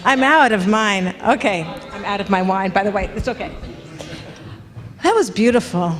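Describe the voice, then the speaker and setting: A woman's voice: medium pitch, expressive, moderate pace. A woman hosting an event, chatting casually with the audience and laughing often. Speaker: event host. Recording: hall reverb with a crowd behind.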